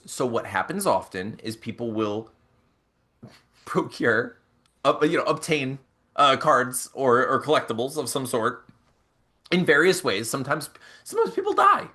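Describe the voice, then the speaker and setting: A man hosting a podcast, telling a casual story in an animated way with frequent chuckles and restarts. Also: mid-range voice. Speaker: podcast host.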